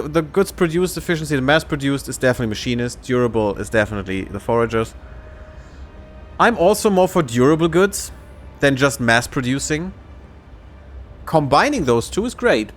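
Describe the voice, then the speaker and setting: Lively, chatty male game streamer. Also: fairly high pitch. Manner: chatty, laughs often, reads game text aloud. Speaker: gaming streamer. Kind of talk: casual let's-play commentary.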